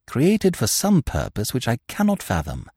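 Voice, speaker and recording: A talkative young Englishman in a storybook, full of ornate, pompous turns of phrase and dry whimsy, as a male narrator voices him. His pitch rises and falls freely, and the recording is dry and close. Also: huge pitch swings, normal speed, darkish tone, breathy edge, no echo, heavily acted. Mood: genial. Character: verbose, urbane young Englishman, drily whimsical.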